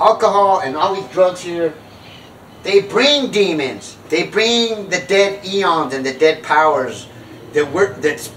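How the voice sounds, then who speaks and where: A man's voice: high voice, fairly bright tone, reverberant, distant mic, slight background noise, low-quality recording. A man telling a funny story and preaching, acting out other people in squealing voices and laughing at his own jokes. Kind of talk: comic storytelling monologue.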